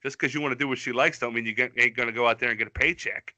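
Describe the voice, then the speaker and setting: A man's voice: mid-range voice, steady tone, very fast, sharp tone, dry recording. A man co-hosting a podcast in casual chat, mocking songs with a profane, rambling manner. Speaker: podcast co-host.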